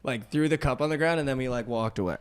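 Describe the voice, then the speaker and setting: A man's voice: mid-range voice, clean tone. A young man telling a rambling party story on a podcast, peppering every phrase with "like". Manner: rambling, heavy use of "like", quick swings in loudness. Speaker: podcast host. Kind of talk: casual storytelling chat.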